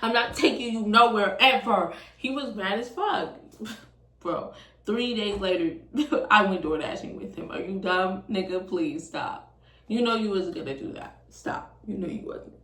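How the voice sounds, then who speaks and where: A woman's voice: mid-range voice, a little slow. Young woman telling a story, roomy. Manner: casual, animated storytelling, lots of swearing and laughing. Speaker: vlogger. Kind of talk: storytime vlog. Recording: roomy, distant from the mic.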